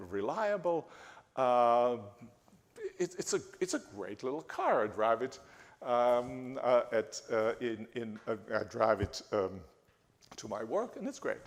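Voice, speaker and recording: A man giving a talk in a church, speaking haltingly with frequent restarts and fillers. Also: mid-range voice. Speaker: guest speaker. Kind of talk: church lecture. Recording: reverberant church hall.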